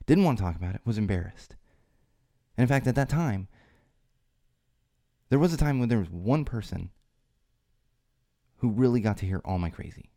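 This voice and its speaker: A man hosts a solo podcast in a low, mellow voice, recorded dry and close. He rambles, restarts and fills gaps with "uh", then gets more emphatic and raised when he drives a point home. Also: no room sound. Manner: rambling, with frequent restarts and fillers. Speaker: podcast host.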